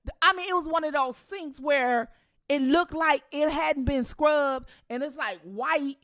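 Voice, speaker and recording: A middle-aged woman, telling a story to her viewers in a profane, animated way. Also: high-pitched, a little slow. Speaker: channel host.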